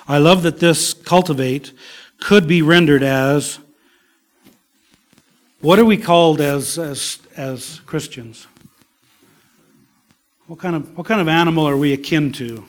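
Male pastor, fairly high voice, slow, emphatic sermon delivery. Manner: slow, emphatic preaching, dropping to soft whispers.

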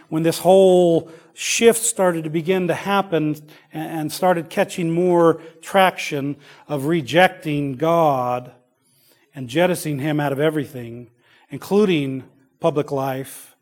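A man preaching a sermon, shifting between loud exclamations and quiet asides, telling stories in a conversational way. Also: fairly high pitch, fairly even intonation, unhurried. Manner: conversational storytelling with fillers.

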